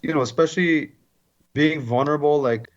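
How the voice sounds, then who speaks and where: A man's voice: a little high, fairly quick. Easygoing man, slightly dull sound. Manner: easygoing, repeats words. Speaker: hockey analyst, guest. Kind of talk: casual conversation.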